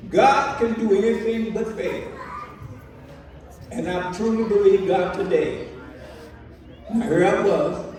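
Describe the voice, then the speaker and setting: Male reverend, animated storyteller, high voice, recorded from afar in a reverberant hall. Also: measured pace, pauses often. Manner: lively storyteller acting out dialogue. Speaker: reverend telling a personal story. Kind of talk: storytelling speech at a celebration. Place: large hall. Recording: echoey hall from far off.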